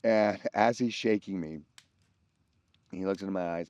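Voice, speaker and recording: A man co-hosting a podcast, telling a personal story in casual chat, often halting and restarting mid-sentence. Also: low voice, darkish tone, no room sound, highs cut off.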